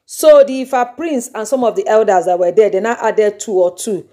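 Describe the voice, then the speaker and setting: A young woman with a Nigerian accent hosting a YouTube channel, retelling gossip in an animated storytelling way with dramatic exclamations. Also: medium pitch, moderate pace. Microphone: microphone.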